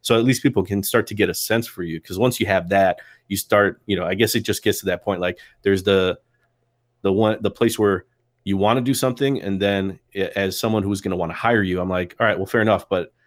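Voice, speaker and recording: A man, a comics creator, chatting casually as a podcast guest and rambling through anecdotes with quick voiced-out quotes. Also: deep voice, fairly even intonation, no echo, studio quality. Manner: rambling, storytelling with put-on quotes.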